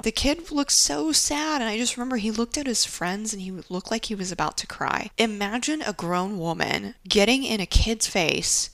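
A young adult woman hosting a podcast, telling a personal story in a candid, wry, lively way with asides. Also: mid-range voice, normal speed, creaky, hardly any pauses, no echo. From Japan. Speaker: podcast host. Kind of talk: casual storytelling monologue.

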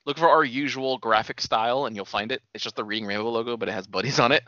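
Bright-voiced man on a dry lo-fi podcast. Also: mid-range voice, quick pace, no room sound. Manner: relaxed, joking, swears casually. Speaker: podcast co-host. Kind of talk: casual chat.

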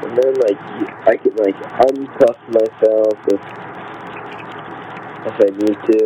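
A man's voice: lowish voice, fairly even intonation, slow. A man casually telling a meandering story, full of fillers and slang, as a channel host. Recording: noisy with vehicle sounds behind. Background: vehicle noise and clicks.

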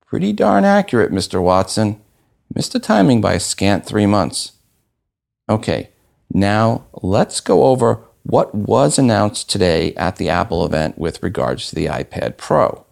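A man's voice: lowish voice, very animated, measured pace, creaky, darkish tone. A man hosting a podcast solo, talking casually with wry asides. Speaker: podcast host.

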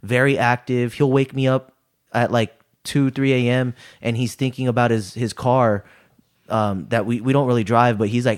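A man's voice: medium pitch, steady tone, moderate pace, clear, resonant tone. A young man co-hosting a podcast, chatting casually, rambling with restarts and swearing freely. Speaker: podcast co-host. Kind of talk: casual chat.

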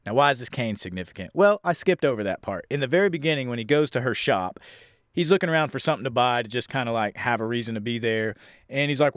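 Young guy rambling through a horror movie recap, sarcastic and sweary, mid pitch, dead dry room. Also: lively intonation, fast talker, no echo. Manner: rambling, profane, sarcastic, acts out quotes. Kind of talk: casual movie review.

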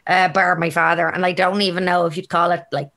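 A young Irish woman co-hosting a dating podcast in a casual, rambling chat, a little raspy after a night out and laughing often. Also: fairly low pitch, flat delivery, quick pace, a bit bright. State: slightly raspy and hungover. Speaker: podcast co-host.

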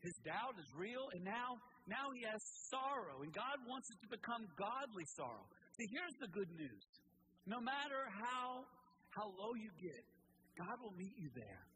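A man's voice: high voice, big pitch swings, moderate pace, slight background noise, low-quality recording. Emphatic man preaching a sermon. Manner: emphatic preaching that swings between raised and hushed. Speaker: pastor.

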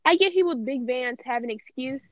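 A woman with a high voice speaks emphatically in casual chat, pressing her point by repeating it. The sound is close and dry. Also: animated, fairly quick, no echo, highs cut off.

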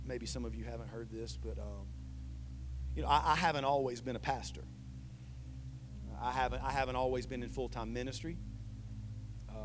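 A man in his thirties preaching a sermon, telling a family story with lively swings between loud and hushed delivery. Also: mid-range voice, poor audio. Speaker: pastor.

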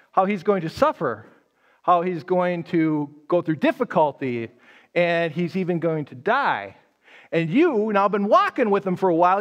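A man pastor giving a live sermon, telling the story conversationally and casting his listeners as the disciple Peter. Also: sits high. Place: church sanctuary.

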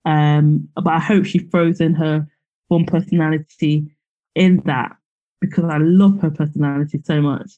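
A woman chatting casually on a podcast, laughing often and filling pauses. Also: low voice, steady tone, mellow, highs cut off. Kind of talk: casual chat.

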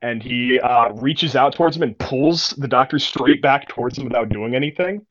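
A man's voice: mid-range voice, normal speed, dull audio. A young man narrating a tabletop game as game master, describing scenes casually and vividly with many fillers.

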